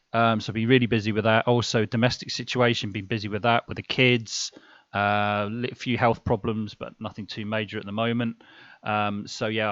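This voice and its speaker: A man's voice: mid-range voice, fairly bright tone, no room sound, highs cut off. A man hosting a casual live stream, rambling along with many fillers and restarts.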